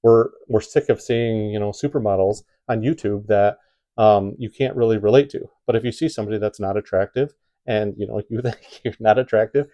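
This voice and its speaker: A man's voice: on the low side, normal speed, dark tone. A man with a Midwestern accent giving casual advice to camera from home, rambling with many fillers and restarts. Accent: Midwestern American. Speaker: YouTube creator giving tips.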